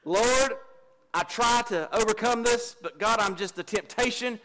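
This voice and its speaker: A man's voice: very high voice, unhurried, sharp tone. A middle-aged man, a pastor preaching a folksy, confessional sermon and joking with his congregation. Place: church.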